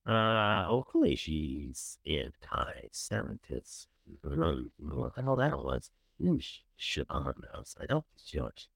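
A man hosting a show, casually commenting as he reads through candidates, chatty and sarcastic, with loud bursts of enthusiasm and mumbled asides. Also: extremely low pitch, big pitch swings, a little slow, gravelly, dry recording. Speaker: show host reviewing candidates.

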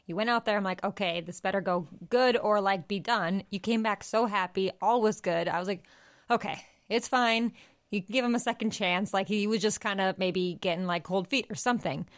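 A woman's voice: mid-range voice, normal speed. A woman co-hosting a podcast, reacting supportively and adding her own view as a friend. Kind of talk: casual chat.

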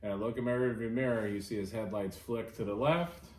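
A man's voice: fairly low pitch, a little fast. A man hosting a casual podcast chat, telling a work story with lots of swearing. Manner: animated storyteller, swears freely. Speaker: podcast host. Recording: echoey room, faint noise.

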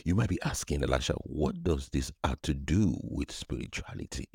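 Slow, gravelly, very deep-voiced man. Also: very animated, no room sound, clean studio sound. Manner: slow, soft, often whispery storytelling. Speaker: podcast host and recovery coach. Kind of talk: reflective podcast monologue.

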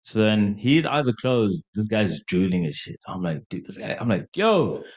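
A man's voice: on the low side, expressive, normal speed, darkish tone. A young man co-hosting a podcast, casually telling a party story, acting out quotes in a raised voice and laughing often. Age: young adult. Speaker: podcast co-host.

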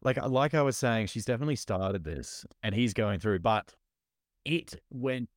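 Blunt, swearing low-voiced man. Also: animated, normal speed, dry recording, studio quality. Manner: blunt, swears freely, chatty reactions. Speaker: podcast co-host. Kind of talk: casual chat.

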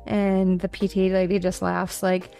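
Woman co-host, gravelly edge, casual book-chat recap, faint music bed. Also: mid-range voice, completely flat delivery, moderate pace, mellow. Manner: chatty plot recap with fillers. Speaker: podcast co-host.

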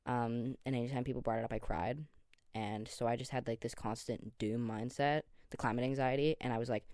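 A young podcast host in their late teens rambles through a loose solo monologue, full of "um"s and "like"s, doubling back whenever a name slips away. The voice sits at an ordinary middle pitch. It is recorded close and dry in a small quiet room. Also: normal speed, clean tone, no room sound. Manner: rambling, filler-heavy, self-deprecating, loses track mid-sentence.

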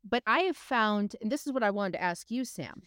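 A woman's voice: mid-range voice, expressive, fairly quick, a bit bright, clean tone, dry recording, clean studio sound. A middle-aged woman co-hosting a podcast, talking frankly in a casual chat, often hesitating and restarting her sentences. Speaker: podcast co-host.

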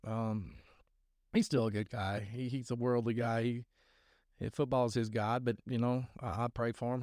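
This is a man with an ordinary middle-pitched voice, hosting a casual faith podcast. He talks in a rambling, sincere flow full of restarts and side turns. The sound is dry and close. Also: darkish tone, no room sound. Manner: rambling, earnest, many restarts. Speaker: podcast host.

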